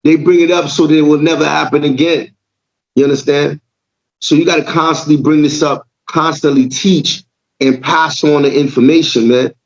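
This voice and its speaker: Gravelly-voiced man, emphatic podcast talk. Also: fairly high pitch, lo-fi sound. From Jamaica. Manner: emphatic, repeats words and asks "right?". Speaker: podcast co-host. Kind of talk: casual podcast discussion.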